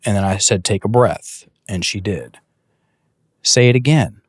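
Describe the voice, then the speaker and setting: A man as a podcast guest, telling a coaching story in a casual, animated way, often restarting sentences and acting out dialogue. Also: fairly low pitch, unhurried, dry recording, studio quality. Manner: animated, many restarts, acts out quoted dialogue. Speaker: guest, breathwork and mindset coach.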